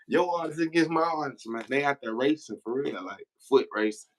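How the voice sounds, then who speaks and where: A man's voice: medium pitch, fairly quick, a little hiss or hum, low-quality recording. A man from Memphis, telling loose, profane stories on a livestream and laughing as he goes. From Memphis, Tennessee. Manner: profane, laughing, slangy storyteller. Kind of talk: casual storytelling on a livestream.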